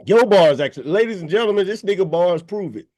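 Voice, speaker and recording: Higher-voiced hype hip-hop radio host. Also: male voice, animated, quick pace, mellow, no room sound, studio quality. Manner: loose, slangy, hype. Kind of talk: casual interview chat.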